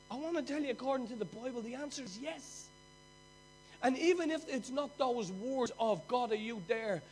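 An Irish man preaching a sermon, telling stories and swinging between loud bursts and hushed drops. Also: very high voice, low-quality recording. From Ireland.

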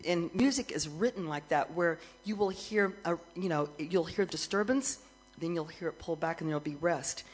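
A middle-aged woman worship minister telling a lively story as part of a sermon, getting more excited and louder as it goes. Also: fairly low pitch, normal speed, slightly rough, soft background music, poor audio. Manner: animated storyteller, grows excited and loud, laughs.

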